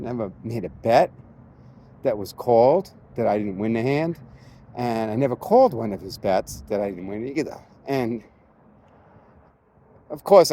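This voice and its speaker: A man's voice: medium pitch, mellow. Male vlogger, strong Long Island accent, loose talky storyteller, recorded outdoors while hiking. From New York. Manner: chatty, rambling, self-correcting storyteller. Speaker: poker vlogger. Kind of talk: casual vlog monologue while hiking. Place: outdoors on a mountain trail.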